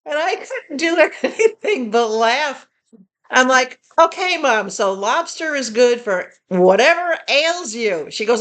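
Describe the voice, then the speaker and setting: A woman's voice: a little high, big pitch swings, measured pace. An older woman, chatting casually in a home haul video, telling stories and talking to her dog. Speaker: vlogger.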